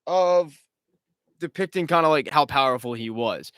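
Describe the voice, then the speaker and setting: A man's voice: fairly high pitch, expressive, normal speed, fairly bright tone, clear, resonant tone, no room sound, clean studio sound. Casual rambling man recapping a show. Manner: casual, rambling, swearing, with mocking impressions. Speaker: show host. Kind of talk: live-stream TV recap chat.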